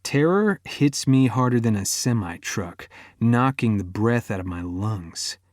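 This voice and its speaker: Male audiobook narrator, slow and unhurried, intimate and emotive, dry close sound. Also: medium pitch, a little mellow, no echo. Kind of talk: first-person romance narration.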